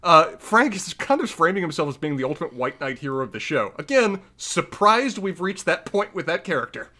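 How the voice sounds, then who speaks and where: A male co-host in casual podcast chat, with a voice pitched a bit above the usual for a man. His pitch moves around a lot as he talks. He makes sarcastic jokes and exaggerates for effect. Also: very animated, brisk, sharp tone.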